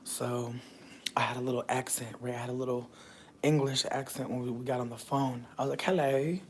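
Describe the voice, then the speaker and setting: A woman's voice: a bass voice, completely flat delivery, a little fast. Chatty young woman, playful and profane. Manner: starts in a soft whisper, then grows loud. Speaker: livestream host. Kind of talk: casual livestream chat.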